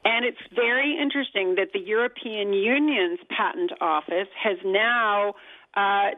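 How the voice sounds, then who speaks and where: A woman's voice: mid-range voice, measured pace, no room sound. A woman guest on a talk show, explaining her points emphatically. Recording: tinny phone line.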